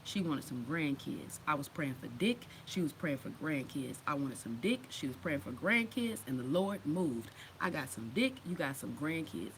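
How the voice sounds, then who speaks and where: A woman's voice: sits low, sing-song, moderate pace, a little hiss or hum, poor audio. A woman hosting a casual unscripted monologue, blunt and profane, laughing often and acting out other people's voices. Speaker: host.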